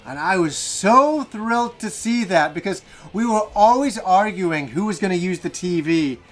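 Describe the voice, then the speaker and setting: High-voiced, excitable gaming host man. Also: normal speed. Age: 40s. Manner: enthusiastic, rambling with restarts. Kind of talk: nostalgic personal storytelling.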